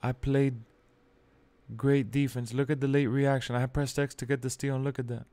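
A man streaming a basketball video game, cheering loudly and then lamenting dramatically, with frequent swearing. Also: medium pitch, flat delivery, no echo. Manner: loud whooping cheers and theatrical, drawn-out laments; swears freely. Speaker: gaming streamer. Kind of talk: casual live gameplay commentary.

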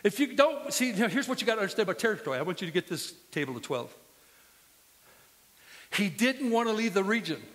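High-voiced pastor preaching in a reverberant hall. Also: male voice, big pitch swings, quick pace, long pauses, fairly bright tone. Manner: impassioned preaching with storytelling. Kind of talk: sermon. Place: church sanctuary.

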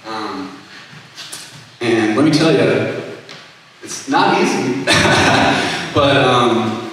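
A man's voice: mid-range voice, very slow, fairly bright tone, slight background noise. A young man giving a casual, rambling testimony between songs at a student concert, full of fillers and self-corrections. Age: young adult. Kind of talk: informal spoken testimony at a concert. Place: concert hall. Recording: echoey hall, heard from far off.

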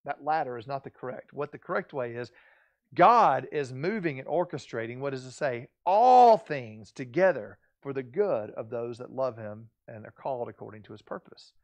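A man's voice: mid-range voice, expressive, normal speed, dry recording, muffled recording. A middle-aged man preaching a sermon as pastor, earnest and emphatic, often restarting phrases and rising in intensity on key points.

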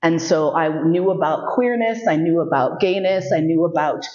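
A woman's voice: deep voice, moderate pace, a little mellow. A woman in her fifties from New York City, telling candid, humorous stories as a sexuality educator and acting out the voices she quotes. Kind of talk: storytelling lecture. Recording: muffled roomy recording.

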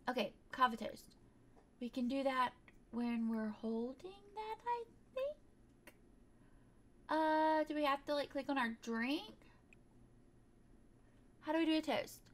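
A high-pitched woman narrates her gameplay in a casual, rambling way. She grumbles at the game's rules and chats to the characters on screen as she plays. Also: animated, measured pace, long pauses. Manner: chatty, exasperated, talks to the game and her pets. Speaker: gaming YouTuber.

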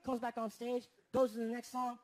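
A man doing stand-up comedy, animated and acting out the voices of his friends. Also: extremely high pitch, normal speed. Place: large theater with a live audience. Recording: live stage recording with a crowd. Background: audience laughter.

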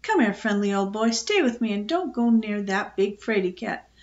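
A woman's voice: medium pitch, animated, moderate pace, dull audio, lightly acted. A woman voicing a young boy who scoffs and dotes on his dog.

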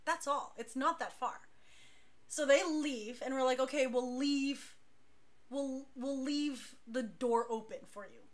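A woman leading a dance crew, telling stories casually on a talk show, chatty and animated, laughing now and then. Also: high voice, takes it slowly.

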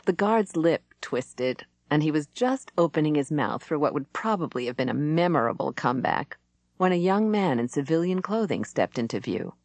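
A woman reading an audiobook in a measured, even narration. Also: low-pitched, no echo. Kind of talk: scripted narration.

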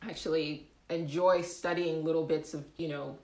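A woman hosting a casual livestream, talking in an animated way with frequent laughs, fillers and restarts. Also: deep voice, moderate pace, echoey room. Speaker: livestream host.

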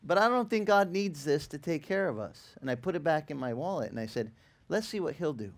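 A male pastor telling a lively story in a sermon, acting out the people in it and laughing as he goes. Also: fairly high pitch, fairly quick. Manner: animated, acts out quoted voices, laughs while telling. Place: church in Hawaii.

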